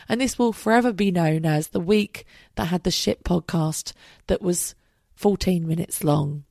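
Tired, gravelly-voiced woman podcasting. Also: lowish voice, normal speed, warm tone, no room sound, studio quality. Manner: candid and chatty, swears freely. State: tired, voice worn out late at night. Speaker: podcast host. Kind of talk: casual solo podcast monologue.

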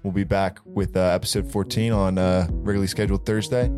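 A man's voice: sits low, little pitch movement, quick pace, warm tone, soft background music. A young man co-hosting a podcast, chatting casually in a laid-back, slangy way. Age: young adult. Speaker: podcast co-host. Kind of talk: casual chat.

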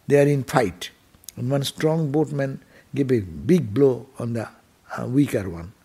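Male monk, sermon delivery, gravelly low-key timbre, swings between impassioned lifts and hushed falls. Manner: storytelling with sudden emotional rises and hushed drops. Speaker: monk giving a Sunday temple talk. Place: temple hall.

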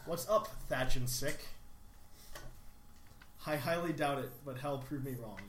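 A man's voice: medium pitch, measured pace, a bit bright. A young man hosting a casual podcast, reading listener emails aloud with wry asides. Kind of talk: casual chat. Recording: echoey room with faint hiss.

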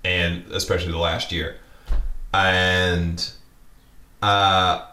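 Podcast host: deep, bright-edged man, echoing room, a bit off-mic. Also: little pitch movement, drawn-out words. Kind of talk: casual interview questions. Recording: roomy echo, off-mic.

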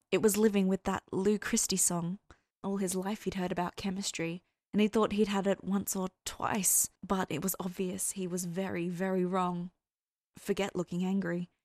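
A woman reads a story aloud at a measured pace, with her voice at a middle pitch. The sound is dry and close, with no room echo. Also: darkish tone. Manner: measured storytelling, voicing characters. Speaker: fan fiction reader. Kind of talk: audiobook-style story narration.

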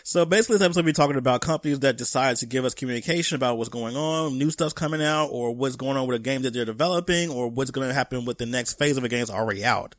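A man co-hosting a casual gaming podcast, animated and teasing. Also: mid-range voice, rapid-fire, few pauses, dry recording, studio quality. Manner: animated, teasing, laughs often. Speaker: podcast co-host.

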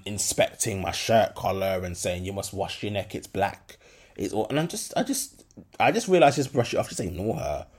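A man's voice: lowish voice, darkish tone, breathy edge. A young adult man, hosting a solo podcast and talking candidly in slangy speech with many fillers. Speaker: podcast host.

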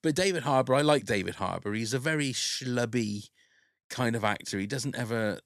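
A man's voice: medium pitch, normal speed, a bit bright, no echo, clean studio sound. A man hosting a casual podcast chat, talking in a rambling, chatty way that often breaks off mid-thought. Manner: rambling, self-interrupting, chatty. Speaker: podcast host.

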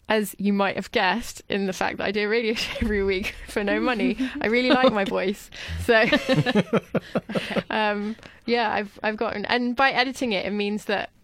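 A woman's voice: mid-range voice, no echo. A woman in her thirties hosting a radio show, chatting reflectively from the studio and laughing often. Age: 30s. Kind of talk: casual studio chat.

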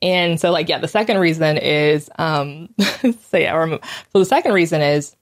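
A woman talking alone in a casual monologue, blunt and candid, recounting things in an animated way, with quick restarts and small laughs. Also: low voice. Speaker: host.

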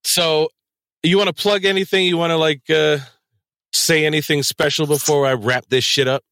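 A man's voice: a little high, moderate pace, clean tone, no room sound, studio quality. A man hosting a crude, casual podcast chat, swearing and laughing often. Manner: profane, laughs often, animated. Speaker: podcast host and audiobook narrator.

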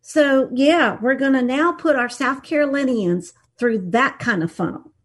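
A woman's voice: high-pitched, unhurried. Woman guest, sarcastic explainer, call-in audio. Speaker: guest education critic. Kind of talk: political talk show discussion.

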